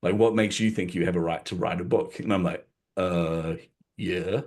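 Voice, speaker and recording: A man shares a story as a podcast guest, with a lively telling and frequent laughs. His voice sits low and deep. It carries a husky, slightly breathy grain throughout. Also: normal speed.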